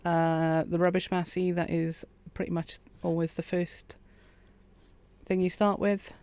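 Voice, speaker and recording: A woman, quietly commentating a farming game and chatting with her viewers. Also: on the low side, measured pace, no echo. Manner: quiet, relaxed, chats with viewers. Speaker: streamer. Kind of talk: calm gameplay commentary.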